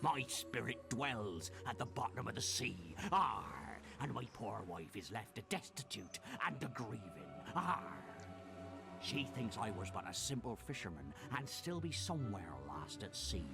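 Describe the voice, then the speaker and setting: Casting: a low-voiced ghostly sea pirate, growling pirate accent, swooping mournful delivery, game music behind. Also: male voice, sing-song, unhurried, gravelly, exaggerated voice. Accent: pirate West Country. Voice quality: growling "arr", theatrical. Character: ghostly old male pirate, mournful and grand. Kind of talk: video game voice acting.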